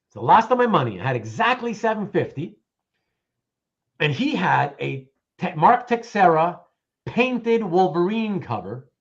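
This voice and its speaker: A man's voice: high-pitched, unhurried. A man hosting a show, telling an anecdote in casual chat and acting out both sides of the conversation. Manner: animated storyteller, acts out both sides of a conversation. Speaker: show host. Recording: dull lo-fi sound.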